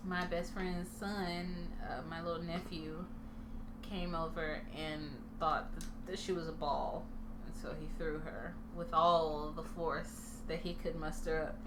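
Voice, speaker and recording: A woman's voice: low-pitched, little pitch movement, a little slow. A woman co-hosting a podcast in casual chat, playful and teasing and laughing often. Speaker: podcast co-host. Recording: echoey room with clear background noise.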